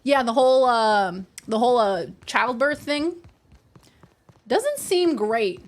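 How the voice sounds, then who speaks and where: A woman's voice: fairly high pitch, expressive, slow. A young woman casually chatting with her stream chat while gaming, playful and sarcastic, swearing freely.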